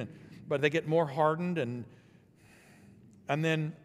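A man's voice: a little high, moderate pace, pauses often, in a large hall. A man preaching a sermon as pastor, in an earnest, conversational, plainspoken way. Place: church sanctuary.

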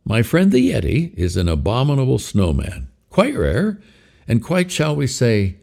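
A man's voice: mid-range voice, wildly swooping pitch, measured pace, vocal fry, darkish tone, pitched above the performer's own voice, exaggerated voice. A man voicing a genial male ventriloquist in a told story, coaxing and friendly. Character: cheerful middle-aged male ventriloquist, gentle showman.

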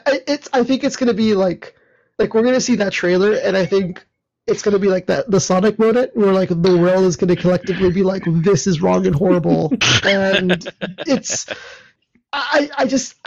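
A man's voice: sits high, normal speed, lo-fi sound. A man co-hosting a podcast, giggly and rambling in casual chat, full of filler words. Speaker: podcast co-host.

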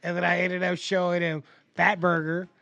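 A man's voice: sits high, normal speed, vocal fry, no room sound, highs cut off. A man telling stories in a casual podcast chat, acting out the people he quotes. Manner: animated storyteller, acts out quotes. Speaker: podcast host.

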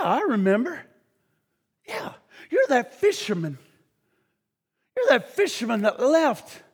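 A man's voice: very high voice, big-room sound, heavily acted. A man doing a prying servant girl. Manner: nagging, insistent.

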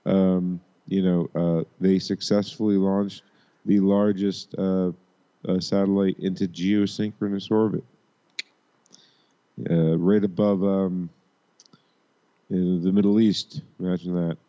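Male podcast host, lowish voice, halting casual chat, lo-fi sound. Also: level tone, dark tone. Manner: rambling, halting banter.

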